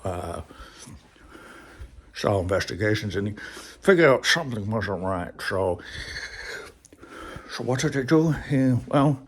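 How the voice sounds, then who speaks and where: A man telling a rambling workplace story in a casual vlog, laughing now and then. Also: lowish voice. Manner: chatty, rambling, laughs often. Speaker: vlogger.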